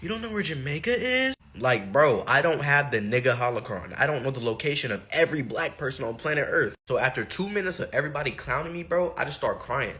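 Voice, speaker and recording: A man's voice: quick pace, few pauses. A young man tells a comic childhood story in loose, profane street talk. His voice sits in an ordinary middle register and jumps upward whenever the telling gets heated. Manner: profane, animated, swings high when excited.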